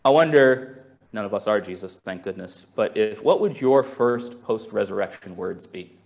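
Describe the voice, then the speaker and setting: A man preaching a sermon as pastor, musing aloud with restarts and rhetorical questions, moving from quiet and low to raised and fervent. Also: lively intonation, normal speed, vocal fry. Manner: swings from soft and low to raised and intense.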